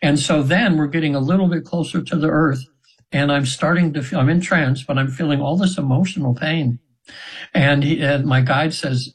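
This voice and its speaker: A man's voice: fairly high pitch, steady tone, normal speed, slightly rough, low-quality recording. A man in his seventies, a guest on a radio show, telling a long personal story in an earnest, rambling way with many restarts. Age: 70s. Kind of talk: conversational storytelling.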